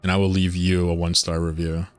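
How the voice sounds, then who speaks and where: A man's voice: low voice, flat delivery, fast, no echo. A man live-streaming a game, chatting casually and joking with viewers, swearing now and then.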